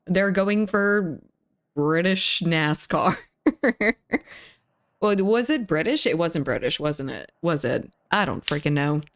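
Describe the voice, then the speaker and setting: A young adult woman casually chatting on a live stream, greeting viewers and reading chat, her voice a little rough. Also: on the low side, expressive, slow pace, dry recording, clean studio sound. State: slightly rough voice.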